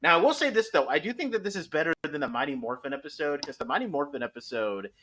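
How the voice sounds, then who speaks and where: A man hosting a podcast, talking through episodes in a casual, animated way, rambling with frequent restarts. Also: on the high side, quick pace, a little hiss or hum. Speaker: podcast host. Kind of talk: casual review chat.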